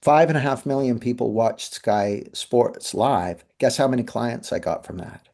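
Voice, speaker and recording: With a mid-range, slightly mellow voice carrying vocal fry, a middle-aged man speaks unhurriedly while leading a live webinar masterclass by video call. He shares stories in a conversational style, voicing the quotes of the people involved.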